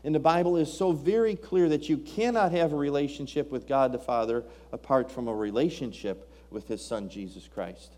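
A man's voice: medium pitch, moderate pace, hardly any pauses, warm tone. A man preaching a sermon, reading scripture aloud and asking rhetorical questions with rising emphasis. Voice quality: King James scripture reading.

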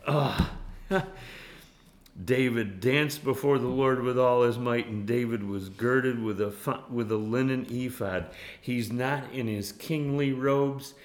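A man preaching a sermon in an animated way, laughing often and dropping to a hushed tone when he voices prayers. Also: mid-range voice, measured pace, few pauses, echoey room. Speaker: pastor. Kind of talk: sermon with Bible study.

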